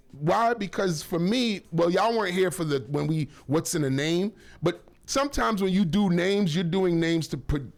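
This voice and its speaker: A male radio host with a gravelly, fairly high voice talks loosely into a studio mic on a casual talk radio show. He rambles and jokes, corrects himself often, and keeps sending out shout-outs.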